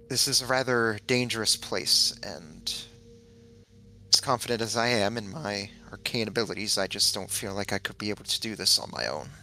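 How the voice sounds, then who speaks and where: A gentle female warlock, played by a man, speaks in a hesitant, reassuring way. The voice is lowish but sharp and very bright. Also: vocal fry, slight background noise, heavily acted. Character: earnest young female warlock.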